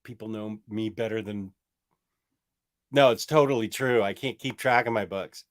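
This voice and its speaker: Speaking in a lowish voice at a normal speed, a man hosts an easygoing comic book livestream. He answers viewer questions in a rambling, joking way and sometimes stumbles on his words.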